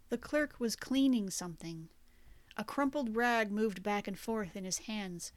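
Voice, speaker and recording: Woman audiobook narrator, measured suspenseful read, mid pitch, dry close studio mic. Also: no echo. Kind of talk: scripted fantasy narration.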